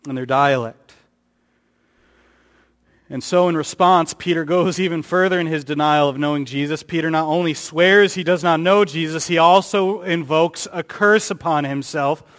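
A man preaching a sermon, who raises his voice for emphasis and acts out the quotes he reads. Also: fairly bright tone. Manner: rises in pitch and volume for emphasis, acts out quotes. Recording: long hall reverb.

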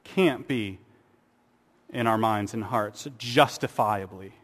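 A man's voice: lowish voice, slow pace, a bit bright. A man preaching a sermon, earnest, with rhetorical questions and sarcastic asides. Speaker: pastor. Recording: long hall reverb.

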